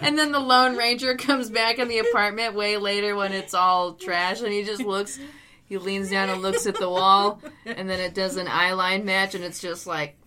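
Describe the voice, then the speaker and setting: A woman's voice: mid-range voice, fairly even intonation, normal speed, heavy background noise. A woman co-hosting a podcast in casual chat, teasing and laughing often. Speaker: podcast co-host.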